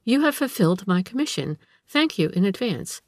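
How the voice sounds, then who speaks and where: A woman's voice: mid-range voice, big pitch swings, normal speed, no echo, clean studio sound. A woman voicing a proud, impulsive young woman who speaks haughtily and with strong feeling. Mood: proud, cool.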